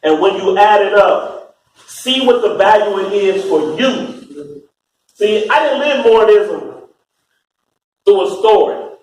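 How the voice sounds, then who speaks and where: A middle-aged American man giving an impassioned religious address to a room full of people, fervent and often rising to shouts. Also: sits high, expressive, slow pace, long pauses. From United States. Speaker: speaker at a religious gathering. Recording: very echoey hall, mic far off.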